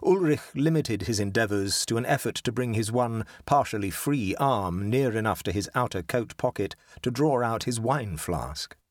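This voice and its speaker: A man narrating a story in a measured storytelling delivery. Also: medium pitch, animated, dry recording, clean studio sound. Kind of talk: scripted narration.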